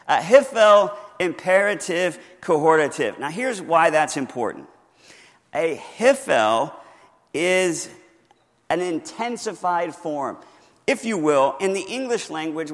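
A man's voice: on the high side, fairly bright tone, big-room sound. A man preaching a teaching sermon from notes, talking conversationally, asking the congregation questions and stressing key words. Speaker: pastor.

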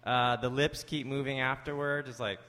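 The sermon comes from a pastor with a mid-range voice, delivered at normal speed with a big-room sound. He's conversational, blending scripture and storytelling with joking remarks to the congregation that make him noticeably more animated.

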